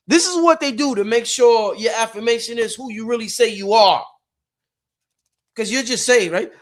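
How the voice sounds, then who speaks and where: Man with a very high voice. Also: animated, moderate pace, a bit bright. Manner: emphatic, repetitive, preachy, profane. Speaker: podcast host. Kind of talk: motivational spiritual talk.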